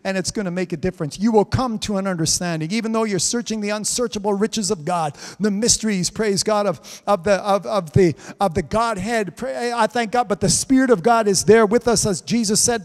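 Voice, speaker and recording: A man's voice: high voice, brisk, hardly any pauses. A man preaching a live-streamed sermon, fervent and punctuated with amens and hallelujahs. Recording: reverberant hall sound.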